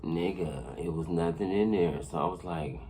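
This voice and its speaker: A man telling a profane personal story in casual podcast talk, animated and laughing often, checking in with his listeners again and again. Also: low-pitched, moderate pace, slight background noise. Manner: animated, laughing often, keeps saying "you know what I'm saying".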